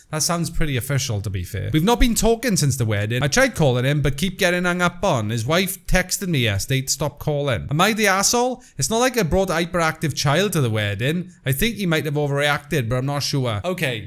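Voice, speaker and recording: A man's voice: fairly high pitch, a bit bright. A man reading online posts aloud and cracking sarcastic jokes between them.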